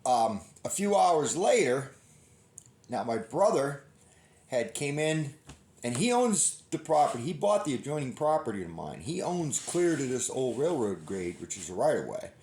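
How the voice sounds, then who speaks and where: A middle-aged man spins a long folksy story, looping back and restarting his sentences as he goes. His voice sits at an ordinary pitch. The room around him adds a noticeable echo. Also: sing-song, normal speed, darkish tone. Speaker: hunting channel host. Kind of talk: casual rambling storytelling. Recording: roomy echo.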